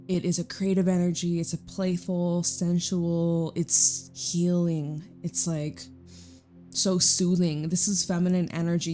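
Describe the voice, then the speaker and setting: With a mellow voice on the low side, a young Canadian tarot reader talks straight to camera in a relaxed, chatty way. She stretches out the words she wants to stress as she reads intuitively.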